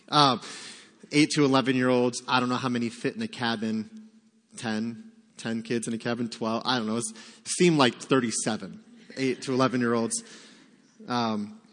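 Heartfelt pastor in a reverberant church. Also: male voice, mid-range voice. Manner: heartfelt, halting, many fillers. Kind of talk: sermon. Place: church sanctuary.

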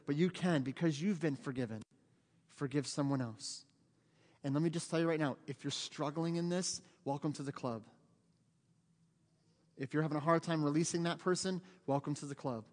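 A man's voice: fairly high pitch, a little fast, a little mellow. A middle-aged man from the United States, a pastor preaching a sermon in an earnest, pleading way that builds to emphatic peaks. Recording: long church hall reverb.

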